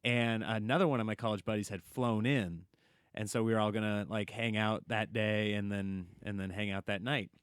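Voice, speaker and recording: A man, a comedian guest on a podcast, telling a long story in a lively, casual way and acting out the quotes. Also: fairly low pitch, normal speed, smooth, no echo, studio quality. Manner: animated storyteller, acts out quotes, laughs often.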